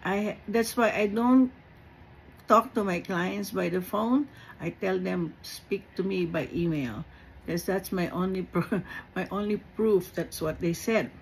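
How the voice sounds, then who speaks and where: A woman with a Filipino accent giving an informal spiritual talk, earnest and animated, dropping in Tagalog phrases and laughing between them. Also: medium pitch, a little slow, creaky, a little hiss or hum, rough recording. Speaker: faith speaker.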